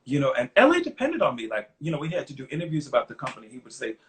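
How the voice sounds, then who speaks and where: A middle-aged man speaks as an interview guest in an easy, conversational way, spinning anecdotes and voicing the people in them. His voice sits at an ordinary pitch for a man. When he looks back, he turns earnest and openly emotional. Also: racing. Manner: lively anecdotes, acts out others' lines in quotes. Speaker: guest songwriter.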